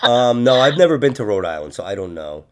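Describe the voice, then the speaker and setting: A man's voice: mid-range voice, sing-song, brisk, clean tone. A man hosting a casual podcast, joking crudely and laughing often. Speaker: podcast host. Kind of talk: casual comedic banter.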